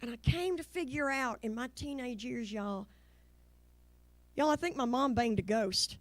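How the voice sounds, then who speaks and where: A middle-aged woman from the American South with a Southern accent, performing a lively stand-up comedy set on stage and putting on voices for the people she quotes. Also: a little high, measured pace, a little hiss or hum.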